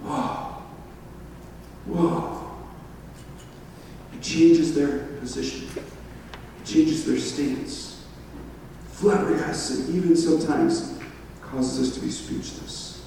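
A man preaching a sermon, telling stories with laughter and animated asides. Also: on the high side, slow pace, gravelly, a little hiss or hum. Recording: echoey hall from far off.

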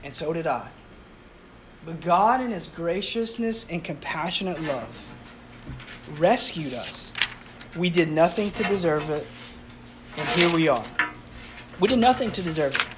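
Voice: mid-range voice, lively intonation, a little slow, long pauses, noisy background. Conversational pastor preaching a sermon. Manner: conversational preaching with rhetorical questions to the audience; light humor. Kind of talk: sermon to a congregation.

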